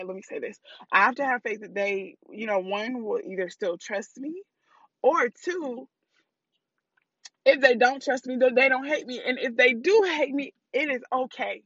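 A woman's voice: a little high, a bit bright, breathy edge, no room sound, muffled recording. A woman hosting a casual solo podcast, talking candidly and playfully in slangy speech straight to her listeners and laughing at her own jokes. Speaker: podcast host.

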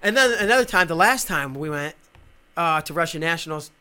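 A man casually telling travel stories as a guest, animated and acting out the people he met. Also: a little high, a little fast, clean tone. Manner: animated, acts out other voices. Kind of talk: casual storytelling chat.

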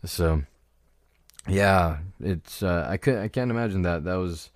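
A man hosting a solo podcast, talking casually and haltingly about a book, often restarting and laughing. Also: low voice, no room sound, clean studio sound. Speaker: podcast host reviewing a book.

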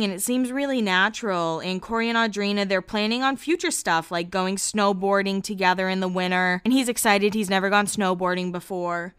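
A woman's voice: mid-range voice, fairly bright tone, smooth, no room sound, studio quality. Chatty young woman recapping reality TV. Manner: chatty, gossipy, quick asides with laughs. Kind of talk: casual recap commentary.

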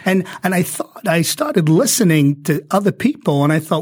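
Actor guy with a slight speech impediment, lively, fairly high voice, chatting about doing voices. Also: husky. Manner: animated, acts out voices, quick asides. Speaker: actor and impressionist, guest. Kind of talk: casual chat.

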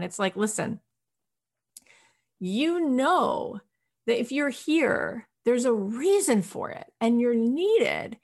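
A woman's voice: fairly high pitch, expressive, slow pace, darkish tone. A woman guest on a podcast who speaks emphatically and motivationally, asking lots of rhetorical questions. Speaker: interview guest. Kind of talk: motivational conversation.

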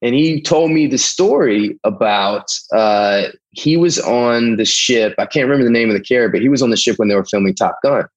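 A middle-aged man from the American South with a Southern accent, telling a long personal story as an interview guest in a rambling, animated way. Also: medium pitch, normal speed, few pauses, low-quality recording. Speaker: guest, Navy veteran. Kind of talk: casual storytelling.

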